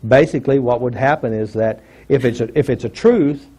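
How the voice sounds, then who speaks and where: A man's voice: medium pitch, a little fast, mellow, slightly rough. A man telling a personal story to an audience, acting out what people said and asking the audience questions. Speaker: workshop speaker.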